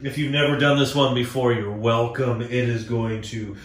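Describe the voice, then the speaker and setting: A man's voice: mid-range voice, steady tone, moderate pace, echoey room. A man teaching a guided yoga class, cueing breath and poses and joking between them. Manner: playful, cues breathing and poses. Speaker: yoga instructor. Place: indoor room before a green screen.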